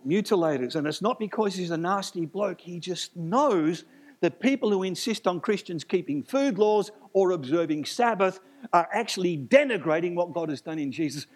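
A man preaching a sermon, animated and emphatic, with jokes and asides. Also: high-pitched, normal speed.

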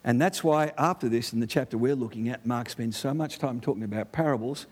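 A middle-aged man with an Australian accent preaching a sermon, animated and conversational, firing rhetorical questions and asides at the congregation. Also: mid-range voice, fairly quick, slightly rough.

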